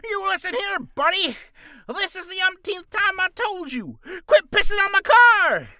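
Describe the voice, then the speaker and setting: A hollering, cantankerous old southern grandpa, as a man puts him on, with a drawl and bright, tense shouts. The voice rises high and swings wildly as he blusters threats. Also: sing-song, a little slow, slight background noise, exaggerated voice. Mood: angry ranting. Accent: put-on American Southern drawl.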